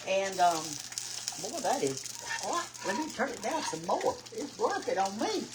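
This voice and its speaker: A woman's voice: mid-range voice, very animated, unhurried, very noisy. An older woman with a Southern US accent, chatting folksily while cooking in her kitchen as host of a cooking show. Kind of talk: casual cooking chat. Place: home kitchen.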